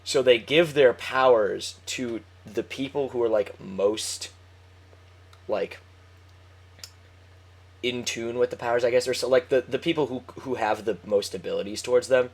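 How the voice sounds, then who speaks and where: A man's voice: medium pitch, unhurried, vocal fry. A man chatting casually with a friend, rambling and swearing with lots of fillers. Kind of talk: casual chat.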